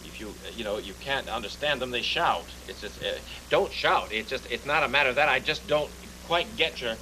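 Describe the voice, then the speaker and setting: A man's voice: mid-range voice, expressive, brisk, noisy background, lightly acted. A man voicing a fussy, flustered male bunny in a 1970s TV puppet show, stammering and polite.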